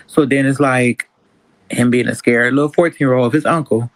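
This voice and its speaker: A man hosts a casual livestream chat. He tells the story with animated energy and keeps slipping into other people's words. His voice is mid-pitched, close and dry, with no room sound. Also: fairly quick, dry recording, low-quality recording. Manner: animated storytelling, acts out quotes. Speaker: stream host.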